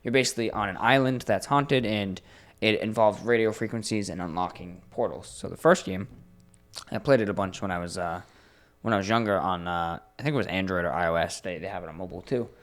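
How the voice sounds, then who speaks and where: A man's voice: low voice, fairly quick. A young man co-hosting a podcast, chatting casually and swearing freely as he tells stories with animation. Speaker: podcast co-host. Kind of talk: casual chat.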